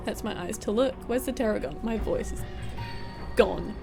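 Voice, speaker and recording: A woman's voice: medium pitch, normal speed, vocal fry, over music. A woman giving chatty, giggly commentary while streaming a video game. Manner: chatty, giggly, reads game text aloud. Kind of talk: let's play commentary.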